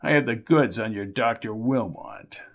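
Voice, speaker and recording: A man's voice: medium pitch, normal speed, pitched below the performer's own voice, natural voice. A man voicing an older, boastful schemer who needles everyone in a smug, self-important way. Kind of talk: audiobook character voice.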